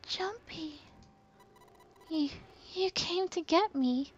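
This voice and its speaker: A woman voicing a weak, fragile young woman who speaks high and faint, with soft trailing words, on a dull, dry recording. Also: extremely slow, heavily acted.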